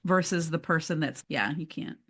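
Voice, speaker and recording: A woman co-hosting a motivational podcast in casual chat, animated and laughing often, acting out quoted self-talk. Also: sits low, normal speed, husky. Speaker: podcast co-host.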